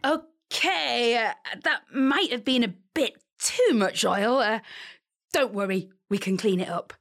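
An actress voicing a cheeky, bossy non-human sidekick in a fantasy audio drama. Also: female voice, a little high, slow pace, gravelly, a bit bright, exaggerated voice. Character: cheeky non-human female fairy helper.

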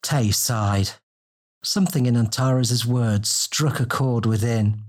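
A male narrator reads a fantasy audiobook with a steady, descriptive delivery. His voice is mid-pitched and even-toned throughout. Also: slow.

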